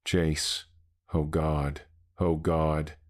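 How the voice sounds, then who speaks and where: A man's voice: very deep voice, little pitch movement, extremely slow, exaggerated voice. A man voicing a frightened woman who whispers through tears. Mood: scared. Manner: whispered, tearful. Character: frightened young woman coworker.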